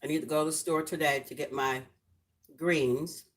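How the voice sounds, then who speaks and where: A woman's voice: deep voice, steady tone, moderate pace. A middle-aged woman hosting a casual home cooking livestream, chatting affectionately with viewers in the comments. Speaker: cooking channel host. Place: home, lit by a ring light.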